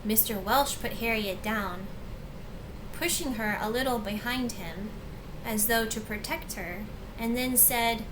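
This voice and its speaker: A woman teacher reading a chapter book aloud to her class in an expressive storytelling manner. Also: a little high, unhurried, background noise.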